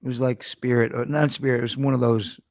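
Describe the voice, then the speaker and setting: A man's voice: mid-range voice, little pitch movement, darkish tone, dry recording, clean studio sound. A man hosting a casual chat show, bantering and joking with his guests. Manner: bantering, joking, quick to laugh. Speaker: host.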